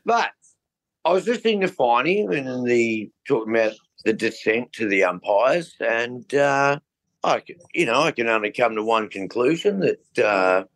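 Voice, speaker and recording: A man's voice: medium pitch, lively intonation, normal speed, fairly bright tone, poor audio. A middle-aged Australian man co-hosting a casual chat, joking and mock-serious. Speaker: co-host.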